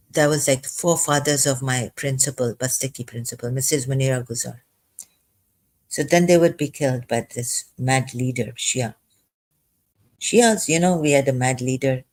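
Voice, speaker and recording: A vlogger in their fifties, rambling and tearful, breaking off with fillers and apologies. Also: medium pitch. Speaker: video blogger. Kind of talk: rambling emotional commentary.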